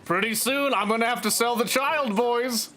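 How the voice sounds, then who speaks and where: High-pitched shouting gamer man. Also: normal speed, crowd noise. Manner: shouting, teasing, mock-dramatic. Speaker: streamer. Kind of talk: loud playful commentary over voice chat.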